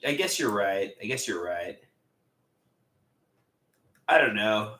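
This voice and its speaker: A man live streaming and reading viewer comments aloud, talking in halting, repetitive bursts with many restarts. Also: on the low side, expressive, bright, forceful tone, reverberant. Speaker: livestreamer.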